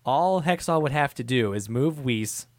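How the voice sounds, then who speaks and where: A man's voice: medium pitch, expressive, moderate pace, no echo. A man co-hosting a casual hockey podcast, ranting with exasperation about fans. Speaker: podcast co-host.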